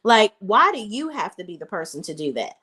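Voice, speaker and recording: A woman's voice: medium pitch, sing-song, fairly quick, sharp tone, slightly rough, exaggerated voice. A woman voicing a furious young woman who confronts her betraying friend with exasperated, indignant questions.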